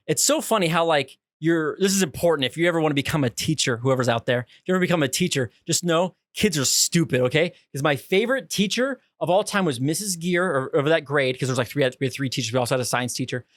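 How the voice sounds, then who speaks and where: A young man from California rattles off stories at a rapid clip in a casual podcast chat. His voice sits a little high and sounds dry and close, with no room around it. He rambles from one memory to the next, peppering everything with "dude". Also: no room sound. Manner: rambling, animated storytelling full of "dude" and "like". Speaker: podcast co-host.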